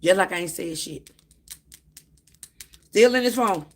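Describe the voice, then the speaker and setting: A woman's voice: mid-range voice, measured pace, pauses often. A woman telling a storytime vlog in a casual way, acting out the dialogue of the people in her story. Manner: animated storytelling that acts out quoted dialogue. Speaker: vlogger.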